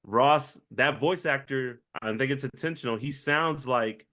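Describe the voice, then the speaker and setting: A man's voice: medium pitch, measured pace, sharp tone. A man co-hosting a podcast, talking through a show in an easygoing, chatty way and joking with the others. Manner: easygoing, chatty, jokes with the group. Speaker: podcast co-host. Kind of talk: casual reaction chat.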